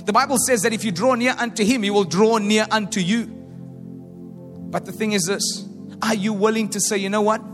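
A male preacher delivering an energetic call-and-response sermon to a congregation at a live-streamed service. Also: sits high, fast talker, hardly any pauses. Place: large church hall during a live-streamed service. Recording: long hall reverb with faint music behind.

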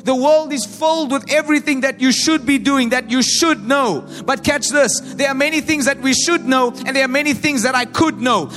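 A male preacher delivering an energetic call-and-response sermon to a congregation at a live-streamed service. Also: extremely high pitch. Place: large church hall during a live-streamed service. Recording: long hall reverb with faint music behind.

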